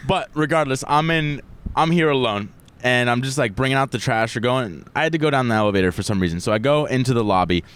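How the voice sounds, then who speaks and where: A man co-hosting a podcast, telling a story in a casual, animated way, laughing and swearing freely. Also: medium pitch, fast, smooth. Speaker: podcast co-host.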